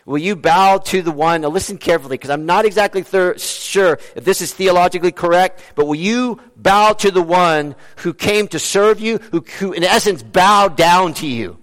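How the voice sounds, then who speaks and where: A man's voice: normal speed, few pauses. Man preaching in a reverberant hall. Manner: asks repeated rhetorical questions, ending hushed and low. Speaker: pastor. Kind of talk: sermon.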